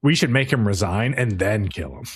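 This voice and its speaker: A man's voice: fairly low pitch, lively intonation, moderate pace, slightly rough. A man hosting a podcast, casually recapping an episode in a breezy, profane storytelling manner. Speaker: podcast host.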